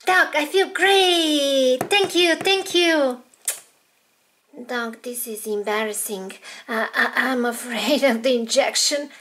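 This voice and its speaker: A woman's voice: high-pitched, slow pace, fairly bright tone, a little hiss or hum. A woman voicing dolls in a toy-play video, in a childlike, sing-song way. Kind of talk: toy play with doll voices.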